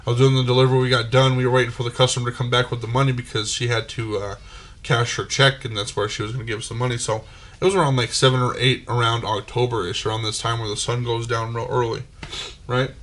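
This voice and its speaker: A man's voice: medium pitch, fast. A man telling a long story on a podcast, swearing freely, with lots of "like" and "right?". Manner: profane, animated storytelling with many fillers. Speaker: podcast host. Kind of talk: casual storytelling.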